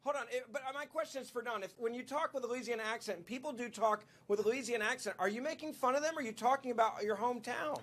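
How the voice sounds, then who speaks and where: A man's voice: very high-pitched, fast talker, hardly any pauses, fairly bright tone. A man arguing on a cable news panel, insistent and interrupting the others. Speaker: panel commentator.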